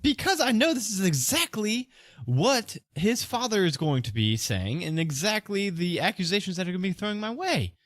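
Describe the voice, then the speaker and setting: A man's voice: high-pitched, big pitch swings, a bit bright, dry recording, studio quality, pitched above the performer's own voice. A man voicing a fussy, defensive noble merchant who protests indignantly. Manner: indignant, protesting, talks fast.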